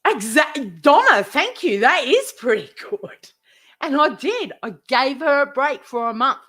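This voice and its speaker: A woman's voice: high-pitched, sing-song, a little slow, bright, forceful tone. A woman live streamer ranting to her chat, indignant, swearing heavily and repeating herself.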